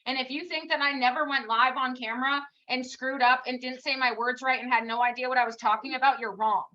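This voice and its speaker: The woman's high, sharp-toned voice stays fairly even in intonation and moves fairly quickly, captured in lo-fi audio. She's a team leader giving a live pep talk on a stream, bluntly scolding with rhetorical questions, casual swearing, and self-mockery in an informal motivational style.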